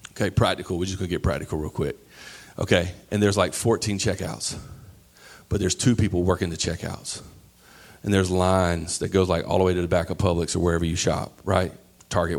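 A man in his thirties preaching a sermon, animated, sometimes breaking into high yelling as he acts out stories. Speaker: pastor.

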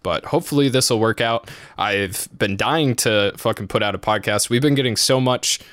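A man's voice: on the low side, normal speed, a bit bright, no room sound, studio quality. A man co-hosting a casual podcast, loose and chatty, swearing freely and restarting sentences often. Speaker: podcast co-host.

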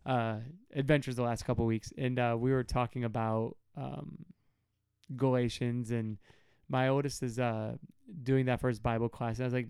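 A man in his thirties co-hosts a casual Bible study chat. He has a smooth, resonant voice on a dry, close recording. He talks with animation and throws himself into acted-out quotes. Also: mid-range voice, moderate pace, no echo. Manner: animated, acts out quotes with sudden loud jumps. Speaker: podcast co-host.

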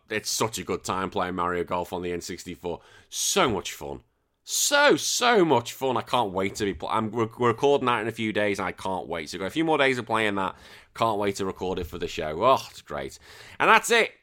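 A man hosting a podcast, chatting casually in a rambling, animated way and swearing freely. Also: fairly low pitch, a little fast. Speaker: podcast host.

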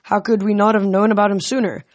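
A reader voicing a commanding teenage girl leader who speaks firmly and briskly. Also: mid-range voice, flat delivery, close to an everyday voice. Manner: firm, brisk, snapping. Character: sharp-minded teen girl camp leader, commanding. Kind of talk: audiobook reading.

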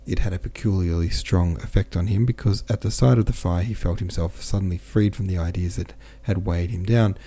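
A man narrating a classic novel as an audiobook in a steady, measured reading. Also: low-pitched, breathy edge.

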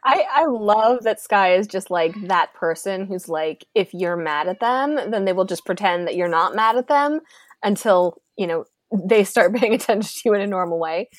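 A woman co-hosting a podcast, telling a story in an excitable, rambling way with many fillers. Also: medium pitch, normal speed, no echo. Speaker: podcast co-host. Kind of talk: casual chat.

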